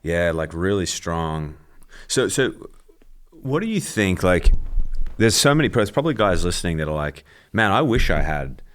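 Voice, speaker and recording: A man hosting a faith podcast, asking relaxed questions with short affirming murmurs. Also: low voice, moderate pace, smooth. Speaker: podcast host. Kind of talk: casual interview.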